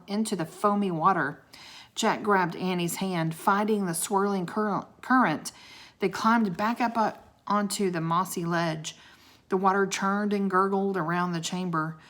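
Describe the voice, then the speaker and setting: A woman's voice: mid-range voice, unhurried, a bit bright. A woman reading a children's book aloud, with chatty asides to her listeners. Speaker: storybook reader.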